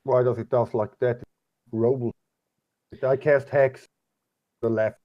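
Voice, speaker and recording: A man's voice: medium pitch, level tone, slow pace, no room sound. A man taking his turn in a casual tabletop game, hesitant and thinking aloud. His voice comes through a dull, muffled lo-fi chat line. It sounds dry and close. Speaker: player.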